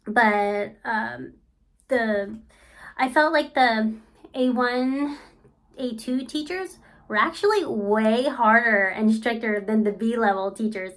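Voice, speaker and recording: Woman, casual vlog talk, rambling, filler-heavy, somewhat high pitch. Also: a bit bright. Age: adult. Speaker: language-learning vlogger. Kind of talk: casual chatty review.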